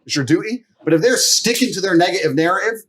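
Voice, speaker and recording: Guy on an interview, kinda high voice, swears a lot, blunt and pushy. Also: expressive, fast talker, fairly bright tone, husky, low-quality recording. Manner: blunt, profane, emphatic. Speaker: guest. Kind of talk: casual interview storytelling.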